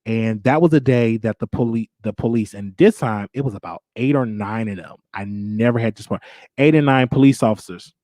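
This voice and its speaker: A young man hosting his own show, telling a personal story in a candid, halting way with many restarts. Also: on the low side, mellow, no echo. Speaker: show host.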